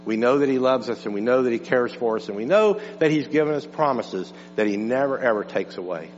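A man preaching a sermon as pastor, emphatic and repetitive, dropping to a hush and then rising again. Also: mid-range voice, lively intonation, brisk. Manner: emphatic, repeats words, swings from hushed to raised. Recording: dull lo-fi sound with long reverb and hum.

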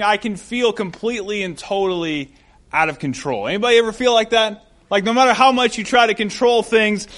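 A man preaching a sermon as pastor, in a conversational, animated storytelling manner. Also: sits high.

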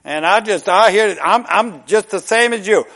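A middle-aged man preaching a sermon, folksy and emphatic, dropping to a hush and then rising loud on drawn-out words. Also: high-pitched, gravelly. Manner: folksy and conversational, repeats "amen". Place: church service.

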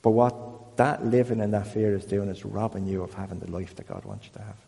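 A man leading an informal Bible talk for a small group, chatty and self-deprecating, growing more animated as he goes. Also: lowish voice, brisk, creaky, in a large hall. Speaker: church group leader.

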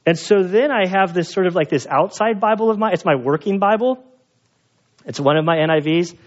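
Man, pastor, sermon, casual storytelling, fairly high voice, dull lo-fi recording. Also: fairly quick. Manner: casual storytelling, conversational with fillers.

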